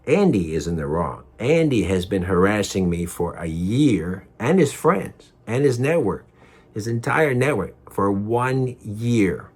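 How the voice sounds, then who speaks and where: A man's voice: on the low side, very animated, measured pace, husky. A man telling a personal story in a heated, rambling way, repeating himself and swearing.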